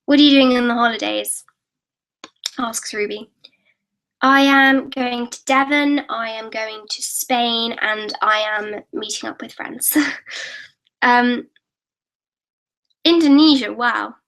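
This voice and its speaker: Bright, high-voiced teenage girl. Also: low-quality recording. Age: teens. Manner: chatty and giggly, with quick restarts and self-deprecating asides. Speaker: YouTuber hosting a live Q&A. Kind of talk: casual live-stream chat, reading viewer comments aloud.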